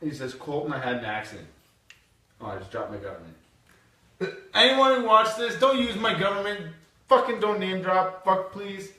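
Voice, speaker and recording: A young man from Canada hosting a podcast, telling a rowdy story in a profane, animated way with bursts of laughter. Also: high-pitched, normal speed. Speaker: podcast host. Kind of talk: casual storytelling. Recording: echoey room from far off.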